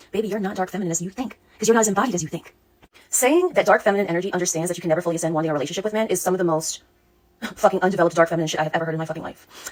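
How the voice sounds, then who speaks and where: A woman's voice: fairly low pitch, breathy edge. A woman speaking as a spiritual coach in a casual monologue, blunt, sassy and full of swearing.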